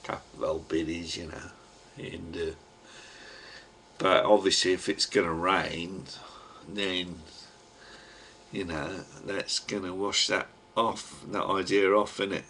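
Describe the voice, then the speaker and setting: A low-voiced man with a thick Cockney accent talks to his webcam from home. He drifts from one thing to the next in a gruff, slangy ramble, throwing in the odd mild curse. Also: steady tone, slow pace, pauses often, fairly bright tone, a little hiss or hum. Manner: chatty, digressive, gruff slang and mild swearing. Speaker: webcam vlogger. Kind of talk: rambling casual monologue to a webcam.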